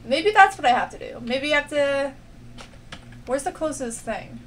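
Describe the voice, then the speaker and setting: A young woman with a high-pitched, animated voice narrates her own gameplay at a moderate pace, over a slight hiss or hum. Hosting a let's play, she talks to herself, swears, and grows frustrated.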